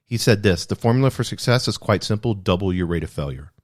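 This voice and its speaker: A man's voice: on the low side, expressive, fast talker. A man hosting a podcast, discussing a self-help book in an earnest, reflective way and repeating key phrases for emphasis. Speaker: podcast host.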